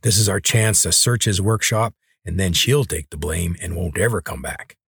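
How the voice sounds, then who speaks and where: A harsh, scheming farmer father with a low, husky voice, read by a man doing the storybook voices. He barks rough rural orders, recorded dry and close. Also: normal speed, a bit bright, no echo, exaggerated voice. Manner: harsh, scolding rural speech. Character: gruff, bullying middle-aged farmer father.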